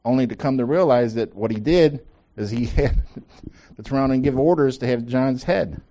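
A man's voice: mid-range voice, moderate pace, dark tone. A man leading an informal Bible study for a small group, talking conversationally, repeating phrases for emphasis and asking the group questions.

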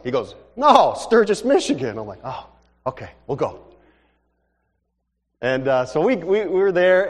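A man preaches in a church hall, his voice rising and falling as he acts out little scenes. His pitch sits somewhat high and swings widely, and a long reverb trails every phrase. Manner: animated, conversational, acts out dialogue. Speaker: pastor. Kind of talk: sermon storytelling.

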